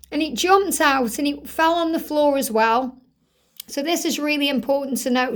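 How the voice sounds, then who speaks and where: High-voiced woman giving a tarot reading. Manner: earnest, reassuring, channels messages in first person. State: croaky throat. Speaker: tarot reader. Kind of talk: spiritual card reading.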